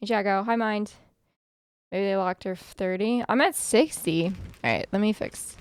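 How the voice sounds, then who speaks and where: A woman's voice: medium pitch, unhurried, clean tone. A young adult woman streamer giving casual, chatty gameplay commentary, swearing freely and talking to her chat.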